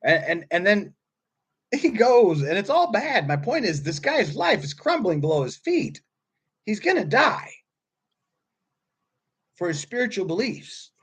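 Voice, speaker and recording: A man in his fifties giving a casual sermon, telling stories in a husky voice that swings from quiet asides to loud bursts. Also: high voice, a little slow, long pauses. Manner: animated storytelling, swings from quiet to loud, laughs often. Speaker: pastor.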